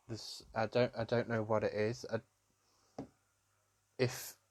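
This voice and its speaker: A low-pitched man talks slowly and tenderly as a psychic medium in a live-streamed tarot reading. He sounds gentle and emotional, and he fondly calls his viewers darling. The dry, close sound has no room echo. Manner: gently emotional, soft-spoken.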